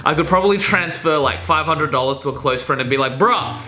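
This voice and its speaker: A young man vlogging casually from his apartment, animated and acting out his inner voices in a chatty monologue. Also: fast, echoey room. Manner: animated, acts out inner voices with big pitch swings.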